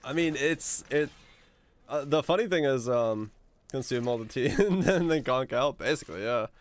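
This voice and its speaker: A male streamer chatting casually with his viewers in a relaxed, rambling way, his deep voice supported from the diaphragm. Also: moderate pace. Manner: rambling and relaxed, with frequent restarts.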